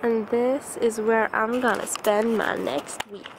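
Young woman, 20s, student vlogger. Upbeat, slightly high voice, unhurried delivery, handheld camera outdoors. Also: steady tone, gravelly, background noise. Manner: chatty, enthusiastic, laughs often. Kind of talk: casual vlog chat. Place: outdoors in the countryside.

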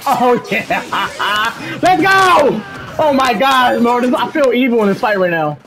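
A young woman loudly commentating her own gameplay, cursing and yelling at her opponents. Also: a little high, unhurried. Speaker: gaming streamer. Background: game music.

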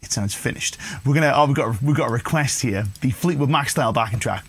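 Husky-voiced man teaching guitar live. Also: mid-range voice, fast talker. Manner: relaxed, chatty, encouraging, addresses viewers as "you guys". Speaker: guitar teacher hosting a livestream. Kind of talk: live guitar lesson, reading chat comments. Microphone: livestream mic with guitar playing. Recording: guitar music faintly behind.

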